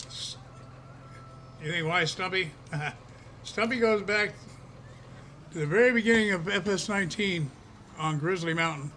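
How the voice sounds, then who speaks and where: An older man gives relaxed gameplay commentary in a folksy, chatty way. His voice sits high and sounds bright and forward. He takes his time and lets each thought unfold slowly. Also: a little hiss or hum. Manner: chatty and folksy, chuckling often. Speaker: streamer.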